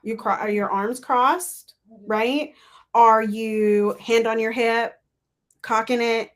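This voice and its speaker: A woman hosting a coaching masterclass, teaching in a chatty, animated way. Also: on the high side, slow. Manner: chatty, animated, laughs and acts out examples. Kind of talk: casual livestream teaching.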